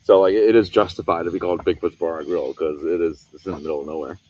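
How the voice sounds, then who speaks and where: A paranormal livestreamer, speaking fast in a deep, warm voice with fairly even intonation, rambles easily to his viewers while strolling around a wooded camp at night. Crickets can be heard, and the recording sounds muffled.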